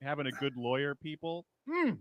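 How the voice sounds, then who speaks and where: A man in casual podcast chat, reacting with quick exclamations and laughing easily. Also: a little high, huge pitch swings, a bit bright, clear, resonant tone, no echo. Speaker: podcast co-host.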